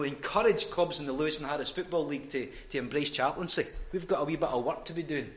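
A Scottish man, a football club chaplain, telling lively anecdotes in a storytelling sermon and acting out the dialogue. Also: a little high, echoey room. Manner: animated anecdotes, quoting dialogue.

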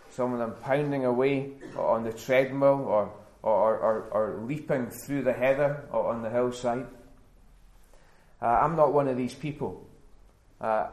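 An earnest male pastor preaching a sermon, his voice sitting at an ordinary middle pitch. He builds to emphatic, repeated phrases. The church around him is roomy and echoes.

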